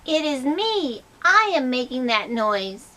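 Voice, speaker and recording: A playful little frog from a children's puppet show, as a woman voices him. He talks in slow, clear, bright sentences. His tone is crisp and forceful, and his pitch moves a lot. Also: big pitch swings, heavily acted. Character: cheerful small male frog puppet, playful. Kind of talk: puppet skit.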